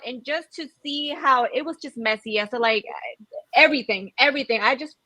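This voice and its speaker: A woman, co-hosting a casual podcast chat, expressive and exclaiming. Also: high voice, a little fast, dry recording, rough recording. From Georgia, US. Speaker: podcast co-host.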